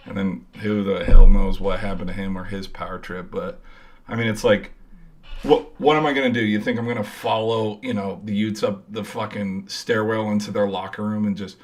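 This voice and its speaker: A man's voice: lowish voice, fairly even intonation, fairly quick, slight background noise. A young man telling a game-day story in a casual, rambling way, swearing freely and filling with "like". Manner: rambling, profane, lots of "like". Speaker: college football fan vlogger.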